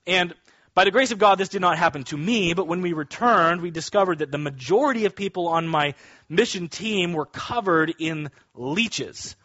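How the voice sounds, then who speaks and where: A man preaching a morning sermon, telling a story and then building to emphatic, slow scripture readings. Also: high voice, sharp tone, no echo, dull audio. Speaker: pastor.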